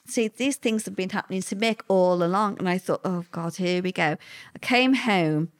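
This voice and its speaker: A middle-aged woman talks through painful memories in a halting way, stopping often to restart her sentences. Her voice sits in an ordinary middle pitch. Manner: halting, hesitant, with many fillers and restarts. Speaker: interviewee. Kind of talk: personal testimony in conversation.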